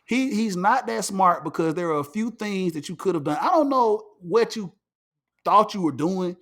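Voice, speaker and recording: A man leads a casual sports talk show. His voice sits high for a man. He is animated and emphatic and keeps doubling back on his words. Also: normal speed. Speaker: podcast host.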